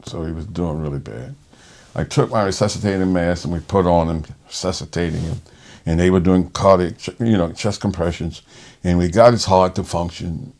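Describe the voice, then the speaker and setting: A man who works as a respiratory therapist, telling a personal story in conversation in an animated way. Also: sits low. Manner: animated, acts out quoted voices.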